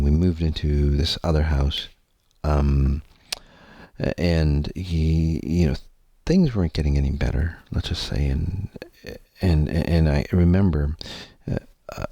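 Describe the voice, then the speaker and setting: A man's voice: a bass voice, steady tone, unhurried, warm tone, no echo. A man hosting his own podcast, telling a personal story in a candid, meandering way, swearing freely and using many fillers. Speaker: podcast host.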